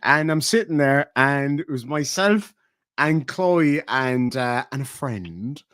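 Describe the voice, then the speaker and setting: A man's voice: medium pitch, expressive, takes it slowly, a bit bright, clear, resonant tone, no room sound, studio quality. A man telling a profane, sardonic story in a vlog rant. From Ireland. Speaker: YouTuber. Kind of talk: ranting vlog monologue.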